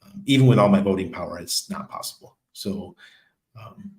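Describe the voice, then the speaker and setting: A man's voice: low-pitched, moderate pace, darkish tone. A man hosting a casual crypto livestream, reading viewer comments and answering in a loose, chatty way with lots of ums and laughs. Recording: echoey room.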